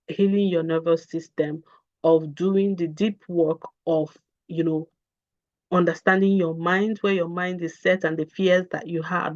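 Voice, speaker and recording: A woman's voice: lowish voice, a little mellow, no room sound, highs cut off. A woman giving a parenting talk on a video call, earnest and repetitive, with many fillers. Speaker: parenting coach. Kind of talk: live online talk with Q&A.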